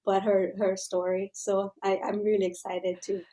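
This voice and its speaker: Hungarian lady guest on a podcast, kinda hesitant, stops to find words, middle pitch. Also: flat delivery, moderate pace, mellow. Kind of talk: casual conversation.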